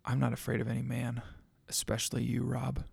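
A man's voice: mid-range voice, completely flat delivery, creaky, a little mellow, husky, full character voice. A man voicing a bold, defiant young woman with magic powers in a spoken story. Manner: defiant, quick.

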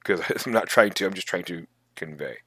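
A man co-hosting a tabletop gaming podcast, talking casually in a halting, thoughtful way with many restarts. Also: low voice, a bit bright, breathy edge, no room sound, studio quality. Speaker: podcast co-host. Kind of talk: casual chat.

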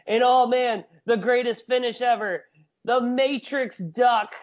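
A man's voice: extremely high pitch, fairly even intonation, a little slow. Jokey man with dull lo-fi sound. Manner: jokey, mocks commentators in silly voices. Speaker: wrestling review podcast co-host. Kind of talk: casual chat. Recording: dull lo-fi audio.

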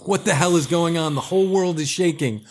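A man in casual chat, retelling a video game's plot with animated, swearing storytelling and acted-out lines. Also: on the high side, fairly quick, slight background noise. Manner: animated storytelling, acting out characters, profane. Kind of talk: casual podcast chat recapping a video game.

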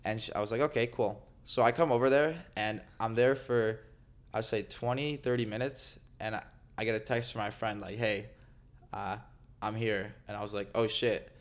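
A man's voice: lowish voice, steady tone, moderate pace. A young man, a podcast guest, telling a dating story in casual chat with lots of filler words. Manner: rambling storyteller, many fillers.

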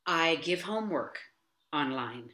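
A woman's voice: low-pitched, unhurried. A woman dance teacher as a guest, chatting animatedly and telling stories. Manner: animated storytelling, frequent "you know". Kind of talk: casual interview chat. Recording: roomy echo.

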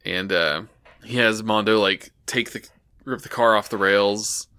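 A man's voice: fairly low pitch, unhurried, smooth. Laid-back man recounting a plot. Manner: steady storytelling with many "and, uh" fillers. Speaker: podcast co-host. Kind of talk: casual chat.

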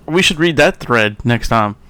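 A man hosting a casual podcast, reacting quickly and heartily to his co-hosts. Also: medium pitch, expressive, pushed and bright, no room sound. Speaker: podcast host.

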